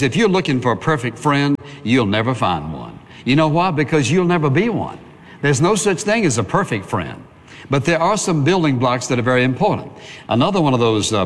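Man preaching in a reverberant room. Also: fairly high pitch. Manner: plain-spoken and conversational, with repetition for emphasis. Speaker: pastor. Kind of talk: sermon.

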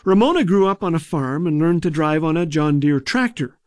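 On his humor radio show, this man delivers scripted jokes and comic stories with a dry touch. His voice is a little high, animated, and fairly quick, with no room sound.

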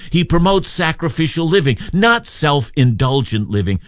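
A radio Bible teacher with a mid-range voice preaches a sermon at normal speed, animated, earnest and emphatic. He reads scripture and poses rhetorical questions, captured in a dry recording.

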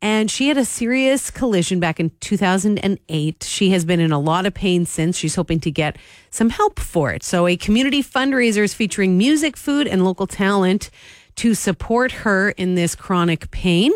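A woman hosting a Christian radio station in Canada, talking with a cheerful, smiling warmth. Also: mid-range voice, expressive, normal speed, no echo, studio quality. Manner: smiling, cheerful, laughs easily. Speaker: radio host. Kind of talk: upbeat radio presenting. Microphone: studio microphone.

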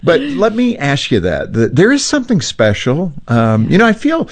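Male talk-show host with a lively, up-and-down voice and a chatty manner that wanders into asides. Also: on the high side, normal speed. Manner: animated, conversational, with asides. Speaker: radio host.

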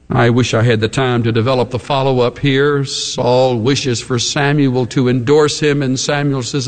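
A man delivering a sermon at a deliberate, unhurried pace. He is dramatic, acting out the voices he quotes with wide swings in pitch. His voice carries the long reverb of a big hall. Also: steady tone. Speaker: pastor.

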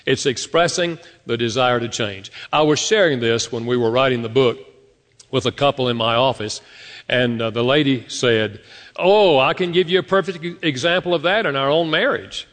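A man preaching to his congregation in an animated storytelling style, his voice ringing with a long hall reverb. He sits at a middle pitch and talks straight to the folks in the pews. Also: moderate pace. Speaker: pastor. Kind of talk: sermon.

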